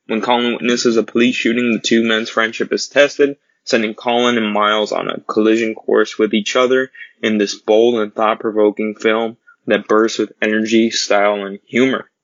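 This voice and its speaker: A man giving an earnest casual film review, recounting scenes with pauses and restarts. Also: fairly low pitch, level tone, no room sound, muffled recording.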